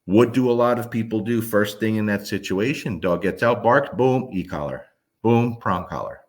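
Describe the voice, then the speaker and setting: A man's voice: on the low side, moderate pace. A man, a dog trainer, talking casually to camera, emphatic and blunt, often asking the listener whether they understand. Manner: emphatic, keeps checking in with the listener.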